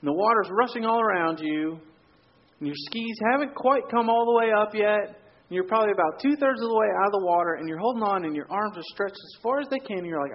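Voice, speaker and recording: Male pastor, relaxed storytelling sermon, fairly high voice, muted lo-fi sound. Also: a little fast, a little hiss or hum. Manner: conversational storytelling, drops to quiet for emphasis.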